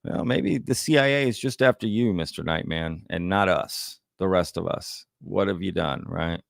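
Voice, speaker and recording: A man's voice: deep voice, moderate pace, vocal fry, dry recording, studio quality. A man hosting a live Q&A, reading chat comments aloud and laughing often. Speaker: livestream host.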